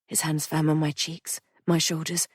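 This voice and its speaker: Casting: a female audiobook narrator, lowish voice, dry close sound. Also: normal speed, no echo. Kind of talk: scripted narration.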